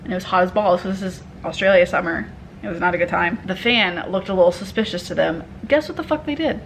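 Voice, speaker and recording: A young woman telling a story in a casual vlog, candid and animated, swearing freely and acting out what people said. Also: lowish voice, quick pace, gravelly, a little hiss or hum, low-quality recording. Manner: candid, animated retelling with profanity and quoted dialogue. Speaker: vlogger.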